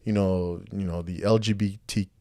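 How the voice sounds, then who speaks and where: A man's voice: low voice, steady tone, normal speed, dark tone, no room sound. A man co-hosting a casual podcast, rambling with many restarts and acting out quoted dialogue. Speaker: podcast co-host.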